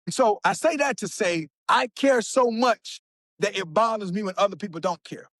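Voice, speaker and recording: Guy telling stories, higher voice, gets loud and excited, dry close sound. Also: moderate pace, dry recording. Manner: animated, emphatic storyteller. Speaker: guest speaker. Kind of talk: storytelling in a podcast interview.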